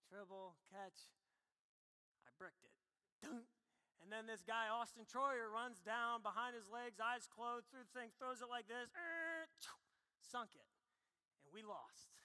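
Pastor, man in his thirties, high bright voice, animated sermon storyteller, reverberant hall. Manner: animated storytelling, acts out past selves. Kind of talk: sermon with personal stories.

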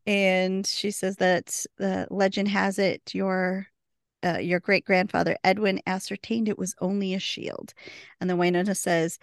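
A woman's voice: medium pitch, flat delivery, measured pace, no echo, clean studio sound. A woman co-hosting a podcast, retelling scenes in casual chat and laughing often. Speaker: podcast co-host.

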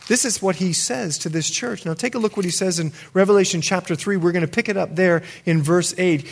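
A man's voice: high voice, a little fast, creaky, hardly any pauses, some chatter behind. A male pastor preaching a sermon emphatically and teaching from scripture.

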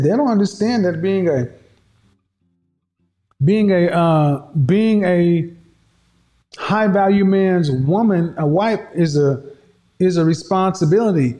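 This man's voice is high yet dark in tone. He delivers an emphatic, preachy opinion piece directly to his audience, hammering his points through repetition.

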